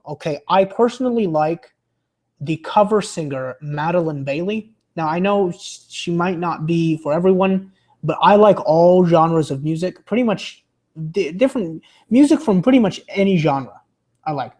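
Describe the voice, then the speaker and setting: This young streamer's voice is rough from a sore throat he has while sick, with a slightly mellow quality. Reading viewer comments in a casual, rambling way, he stumbles, stammers and starts over repeatedly, his pitch rising and falling and at times slipping into a bouncy, showman-like tone.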